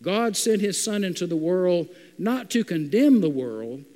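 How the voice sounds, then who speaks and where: A high-pitched male pastor delivers a sermon in a halting way, leaning on filler "uh"s. His voice rings out with a long echo, as if in a large church sanctuary. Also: expressive, mellow. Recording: long reverb of a large hall.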